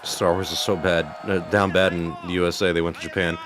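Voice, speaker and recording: A man's voice: low-pitched, flat delivery, quick pace. A man streaming a watch party, making dry, wry asides in casual commentary.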